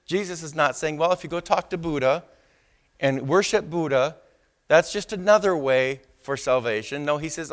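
Man preaching with slow emphatic stresses. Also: on the high side, lively intonation, a bit bright. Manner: asks the congregation for response. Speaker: pastor. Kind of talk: sermon.

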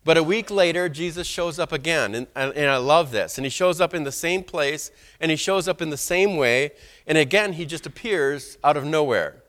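Animated preacher, slightly high voice. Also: male voice, moderate pace. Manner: conversational, animated preaching with rhetorical asides. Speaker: pastor. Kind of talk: sermon. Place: church.

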